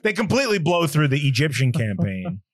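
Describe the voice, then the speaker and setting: A man's voice: a little high, sing-song, a little fast, no room sound. Blunt, opinionated man, dry mic. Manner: blunt and opinionated, laughs often. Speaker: podcast co-host. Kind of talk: casual movie-review chat.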